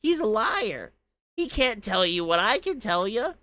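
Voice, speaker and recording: A man's voice: high-pitched, sing-song, unhurried, bright, forceful tone, no echo, voice pushed up, full character voice. A man putting on a mocking impression of a whiny, self-pitying male streamer who begs for money, with mock-sobbing and nasal whining. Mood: whiny ranting.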